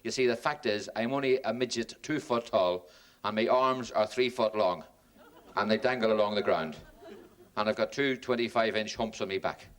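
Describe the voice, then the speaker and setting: A man's voice: fairly low pitch, normal speed, lightly acted. A male comedian voicing an apologetic, humble man who confesses things about himself in a letter. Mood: sheepish.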